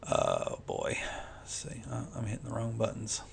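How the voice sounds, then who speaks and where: A man's voice: lowish voice, flat delivery, moderate pace, creaky, slight background noise. A man who makes comics, talking casually and rambling while he colors, with lots of "you know" and restarts. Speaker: comic artist vlogger.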